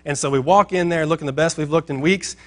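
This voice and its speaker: A male pastor telling a story in a sermon, animated and acting out the people in it. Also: fairly high pitch, fast.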